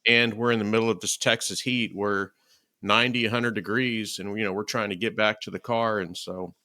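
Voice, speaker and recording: A man hosting a podcast, telling a lively story and acting out the quoted lines in casual chat. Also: lowish voice, fairly quick, no echo, studio quality. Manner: lively, acts out quoted dialogue. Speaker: podcast host.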